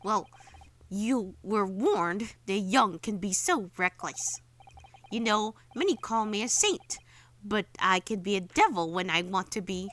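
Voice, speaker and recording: A woman's voice: medium pitch, lively intonation, a little slow, a bit bright. Woman reading a smug menacing prosecutor. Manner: smooth, threatening courtroom talk.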